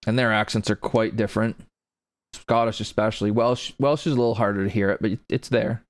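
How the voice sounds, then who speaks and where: A man's voice: on the low side, steady tone, a little fast, dry recording. Chatty man with a dry, close sound. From grew up with English parents, not in Britain. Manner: chatty, rambling, self-deprecating. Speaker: gaming streamer playing golf. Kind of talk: casual commentary while playing.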